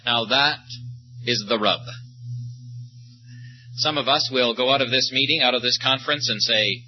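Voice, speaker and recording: A man preaching a sermon, speaking slowly and emphatically and stopping to tell short stories. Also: medium pitch. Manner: slow, emphatic preaching with storytelling asides. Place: meeting or conference hall. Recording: muffled, lo-fi recording with faint hum.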